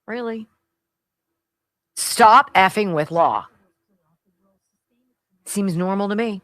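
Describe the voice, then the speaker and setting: A woman's voice: medium pitch, slow, a bit bright, no echo. A woman hosting a talk radio show, giving sarcastic, emphatic commentary and reading ad spots with a hard sell.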